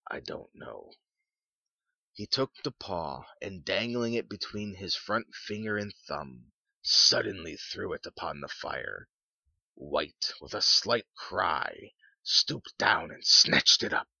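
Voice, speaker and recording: A man reading a storybook aloud with a very low, gravelly voice. He moves slowly, with a husky edge, and the sound is dry and dull as if lo-fi. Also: no room sound. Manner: measured, even storytelling. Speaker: narrator.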